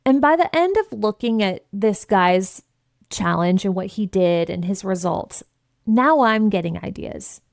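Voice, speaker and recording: A woman's voice: mid-range voice, expressive, a little slow, vocal fry, dry recording, studio quality. A woman hosting a podcast who tells stories with lots of expression, swears freely and acts out conversations in different voices. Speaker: podcast host and business coach. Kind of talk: candid storytelling monologue.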